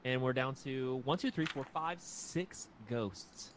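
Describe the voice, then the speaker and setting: A man playing a game with friends, loud and teasing, swearing often. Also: medium pitch, takes it slowly, background noise. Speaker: gaming friend. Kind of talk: casual gameplay chat over voice chat.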